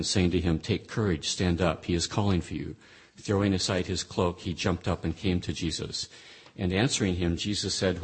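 A man's voice: sits low, husky. A man teaching through Bible passages, reading scripture aloud and then explaining it, with frequent restarts.

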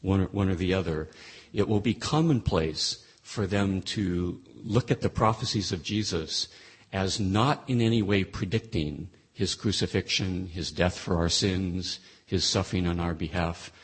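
A man's voice: sits low, unhurried, husky. A man teaching through Bible passages, reading scripture aloud and then explaining it, with frequent restarts.

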